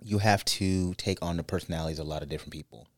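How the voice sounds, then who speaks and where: A man hosting a podcast, a practicing lawyer, talking casually and getting lively when telling stories. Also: low voice, rapid-fire, no echo, studio quality.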